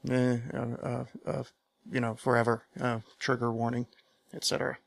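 A man's voice: mid-range voice, completely flat delivery, normal speed, vocal fry, no room sound. A man hosting his own podcast, rambling along in loose, jokey chatter full of fillers. His voice sits in a middle range and is recorded close and dry, with no room sound. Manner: rambling and self-mocking, many fillers. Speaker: podcast host. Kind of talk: casual solo podcast chat.

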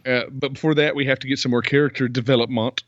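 A man's voice: medium pitch, steady tone, fast talker, no room sound, dull audio. A man hosting a casual podcast, chatty as he recaps a movie plot and acts out its lines. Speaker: podcast host.

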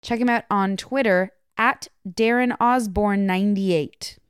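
A woman's voice: mid-range voice, unhurried, clear, resonant tone, dry recording, studio quality. A woman co-hosting a casual podcast, speaking firmly and from the heart, with plenty of likes and restarts. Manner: firm, heartfelt, talks with many likes and restarts. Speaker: podcast co-host.

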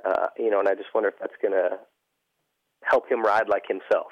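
A man's voice: fairly low pitch, little pitch movement, a little fast, dry recording, highs cut off. A man co-hosting a casual racing chat as a former team manager, chatty and self-deprecating.

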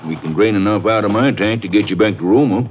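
Actor as aging lawman, easygoing drawl, low lively voice, dull vintage broadcast. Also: quick pace, a little hiss or hum, lightly acted. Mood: genial. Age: older. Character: elderly small-town male constable. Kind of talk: 1950s radio drama acting. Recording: muffled old radio broadcast.

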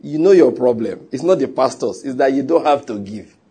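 A man's voice: mid-range voice, lively intonation, fairly quick, dark tone, slightly rough. A male pastor preaching a sermon emphatically, with rhetorical questions.

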